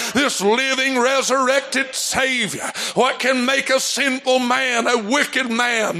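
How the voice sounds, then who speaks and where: A male pastor delivers a fervent sermon in an unusually high, bright voice. He preaches slowly, drawing out his words and stacking rhetorical questions as he builds to shouts.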